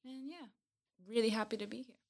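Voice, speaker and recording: A woman guest on a podcast, a musician, chatting in a relaxed way. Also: on the high side, brisk, creaky. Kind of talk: casual podcast chat.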